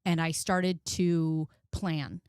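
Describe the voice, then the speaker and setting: A woman's voice: sits low, fairly even intonation, extremely slow, a little mellow, clean tone, no room sound, clean studio sound. Frank, emotional woman telling her story. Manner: emotional, profane, frank, addresses viewers as friends. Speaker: commentary channel host. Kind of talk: candid personal storytelling.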